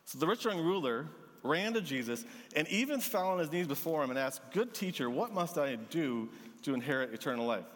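Male pastor delivering a gentle, earnest sermon; slightly high voice, reverberant hall. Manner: earnest, gentle preaching with pauses.

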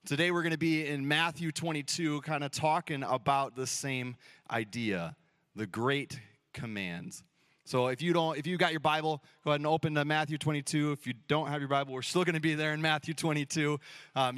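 A man's voice: mid-range voice, fairly bright tone, clean tone, no room sound, clean studio sound. A man in his thirties preaching a sermon as pastor in a church, telling stories casually and playfully acting out dialogue. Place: church sanctuary.

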